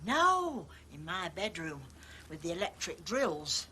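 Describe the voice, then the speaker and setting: A woman's voice: fairly low pitch, sing-song, takes it slowly, pushed and bright, slight background noise, heavily acted. An actress playing a chatty, guileless mother who rambles on while the police ask questions, in a television police drama. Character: vague, chatty older mother, house-proud.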